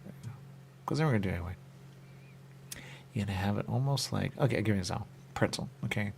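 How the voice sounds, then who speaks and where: A man hosting a radio talk show in rambling casual chat, often jumping into quick high voices to act out what people say. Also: vocal fry, darkish tone, slight background noise. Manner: rambling, acts out quick high-pitched quoted voices, repeats "there you go".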